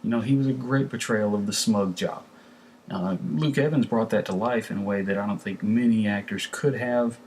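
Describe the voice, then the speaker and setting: A man's voice: fairly low pitch, normal speed, darkish tone, a little hiss or hum. A man reviewing a film in a casual, rambling way, with many fillers and restarts. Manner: conversational, lots of fillers and restarts. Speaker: movie reviewer.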